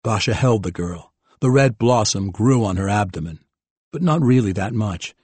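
Low-voiced male audiobook narrator. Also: lively intonation, normal speed, a little mellow, slightly rough, no echo. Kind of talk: scripted narration.

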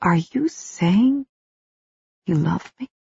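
A woman narrator voicing a pregnant young wife in a romance novel, soft and slightly higher. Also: expressive, slow, gravelly, slightly rough, no room sound, exaggerated voice. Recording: slightly dull, dry studio recording.

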